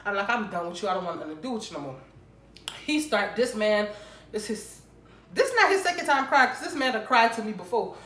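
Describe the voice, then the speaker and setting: A woman vlogger telling a casual storytime to her viewers, animated and emphatic, acting out both sides of the conversation. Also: medium pitch, fairly quick. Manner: animated, emphatic retelling with quoted exchanges. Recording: roomy echo.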